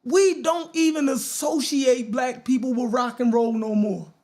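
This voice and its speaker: A man's voice: extremely high pitch, fairly even intonation, measured pace, darkish tone. A man with a Baltimore accent hosting a podcast in a casual commentary style, who keeps asking his listeners "right?". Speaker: podcast host.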